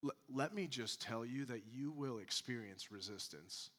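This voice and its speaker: Guy preaching a sermon, middle pitch, big echoey hall, gets loud on the points then drops way down. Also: lively intonation, moderate pace, few pauses. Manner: swings from loud emphatic preaching to quiet mimicking asides. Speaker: pastor.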